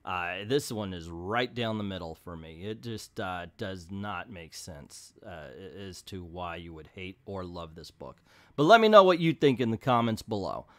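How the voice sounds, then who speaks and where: A man's voice: deep voice, animated, moderate pace, fairly bright tone. A middle-aged man hosting a casual comic book review, rambling and hesitant with bursts of exasperated, joking complaint. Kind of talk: casual video review monologue.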